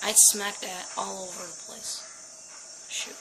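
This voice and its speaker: In a very noisy clip, a young woman streams a horror game let's play from home, speaking slowly in a gravelly, medium-pitched voice with little pitch movement. Jumpy and afraid, she swears and screams while talking to viewers and her dog as the channel's host.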